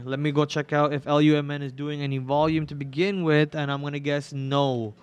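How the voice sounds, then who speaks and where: Chatty young man with a smooth voice. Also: a little high, flat delivery, a little fast, hardly any pauses. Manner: rambling, chatty, filler-heavy. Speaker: stock trading livestream host. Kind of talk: casual live market commentary.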